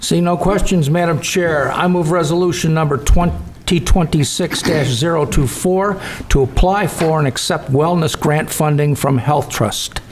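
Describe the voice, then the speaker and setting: A man serving as a town councilor, reading motions and resolutions in a measured, formal way. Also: a little high, slight background noise.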